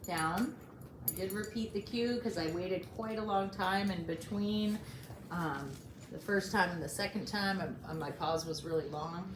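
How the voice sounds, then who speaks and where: A woman dog trainer explaining each step of a training session while coaxing a puppy. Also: a little slow. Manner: explains steps while coaxing a puppy, jumping to high praise. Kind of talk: instructional training demonstration. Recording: roomy and noisy.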